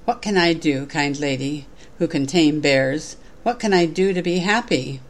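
A woman's voice: sits low, unhurried. A woman voicing a greedy, sulking king while reading a storybook tale aloud. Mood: lamenting. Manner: lightly acted storybook reading.

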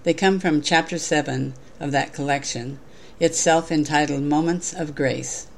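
A woman giving a sermon, reading a story aloud in a measured, clear way. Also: sits low, steady tone, a little hiss or hum.

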